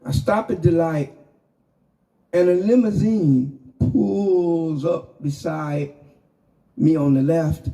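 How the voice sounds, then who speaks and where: A middle-aged man hosting a podcast who tells a lively personal story in a casual, chatty way. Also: fairly high pitch, takes it slowly, vocal fry, pauses often, far from the mic, rough recording. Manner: animated, chatty anecdote with acted-out quotes. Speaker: podcast host.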